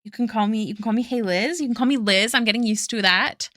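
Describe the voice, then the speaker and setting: A woman's voice: a little high, quick pace, fairly bright tone, dry recording, clean studio sound. A woman streaming her art live, chatting casually with viewers, giggling often and thanking them one by one.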